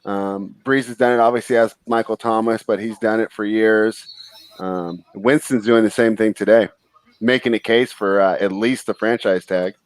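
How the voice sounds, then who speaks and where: Show host, male, low-ish voice, dry close sound, relaxed betting banter with fillers. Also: smooth, dry recording. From Northern California. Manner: easygoing, quick laughs, frequent fillers. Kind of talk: casual live game chat.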